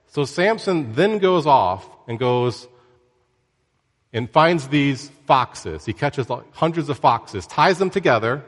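Male Bible teacher, casual and wry, mid-pitched voice, long room reverb. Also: moderate pace. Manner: conversational and joking, with lively asides.

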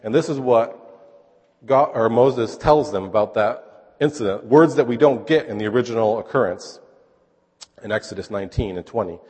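Male pastor, sermon, conversational teaching, husky voice, long hall reverb. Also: mid-range voice, normal speed, a little mellow. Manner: conversational, explaining scripture with verbal checks.

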